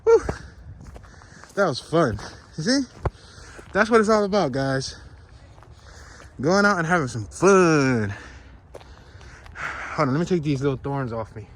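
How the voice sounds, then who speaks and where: A man casually narrating his hike on a wooded marsh trail outdoors, playful and excitable, whooping and laughing as he walks. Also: on the high side, unhurried, pauses often, a little hiss or hum. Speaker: vlogger narrating a hiking walk. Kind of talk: casual walk-and-talk narration.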